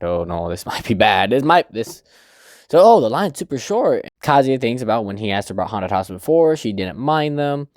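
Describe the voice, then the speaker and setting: A man's voice: medium pitch, darkish tone, no room sound, clean studio sound. A man hosting a manga review channel, chatting casually with his viewers, swearing freely and laughing often. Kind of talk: casual commentary to chat.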